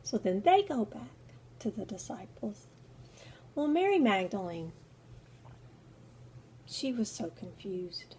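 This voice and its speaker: A woman's voice: mid-range voice, big pitch swings, slow pace, pauses often, mellow, slight background noise. A woman teaching a children's Bible lesson, telling the story expressively and often dropping to near whispers.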